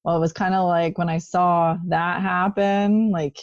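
Low-voiced woman on a dull-sounding recording. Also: fairly even intonation, a little slow, no room sound. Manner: conversational, reflective, often ends with "right?". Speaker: podcast co-host. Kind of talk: casual chat.

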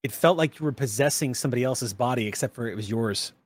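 A man narrating a tabletop role-playing game as game master, measured and explaining the scene and rules. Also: medium pitch, no room sound.

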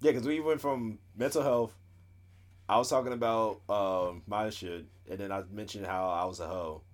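A man's voice: on the low side, moderate pace. A man co-hosting a podcast in casual chat, teasing his friend in a loose, profane way. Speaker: podcast co-host.

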